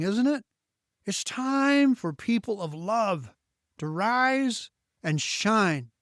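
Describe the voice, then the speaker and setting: A man hosting a solo inspirational podcast as a bishop, with a slow, emphatic, preacherly cadence. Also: high-pitched, dry recording, clean studio sound.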